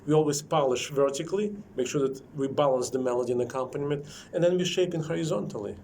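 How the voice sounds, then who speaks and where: A man's voice: fairly high pitch, fast, a little mellow, a little hiss or hum. A man teaching a private piano lesson, explaining shaping and balance in slightly non-native English while he plays and sings rhythms. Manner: corrective, explains while playing and singing rhythms.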